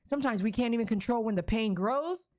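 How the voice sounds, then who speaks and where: A woman's voice: a little high, brisk, darkish tone, dry recording. Blunt, earnest woman live streaming. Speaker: dog trainer streamer. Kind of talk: live stream, reading chat comments.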